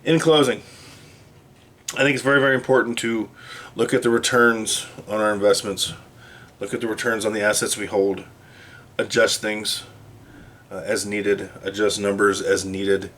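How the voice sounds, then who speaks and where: A middle-aged man with a slightly low voice talks plainly and bluntly to his viewers. His delivery is casual and down to earth, with the odd mild curse word. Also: little pitch movement, moderate pace, pauses often, a bit bright. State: hiccups. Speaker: channel host. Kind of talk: casual talk to camera.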